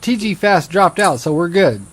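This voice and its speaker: A man's voice: sits high, animated, moderate pace, a bit bright, slightly rough. A man hosting a casual podcast group call and cheerfully introducing the guests. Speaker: podcast host.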